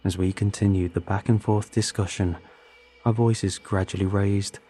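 A man narrating a first-person sci-fi story in a measured, tense manner. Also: on the low side, steady tone, mellow, slightly rough.

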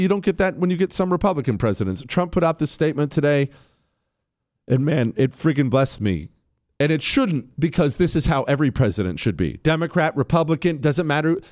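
An American man hosting a show, giving emphatic, fervent political commentary with drawn-out stresses. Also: fairly high pitch, lively intonation, darkish tone, no room sound, studio quality. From United States. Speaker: host.

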